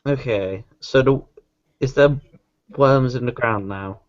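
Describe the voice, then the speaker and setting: A man's voice: medium pitch, slow, muffled recording. A man playing a tabletop game, talking casually and easygoing, a bit distracted. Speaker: player.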